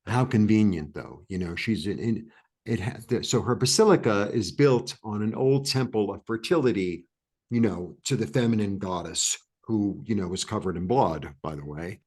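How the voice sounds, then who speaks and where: Man from New York, lowish voice, rambling animated storyteller, casual interview chat. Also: moderate pace, husky. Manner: rambling, many restarts and fillers, animated. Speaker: interview guest.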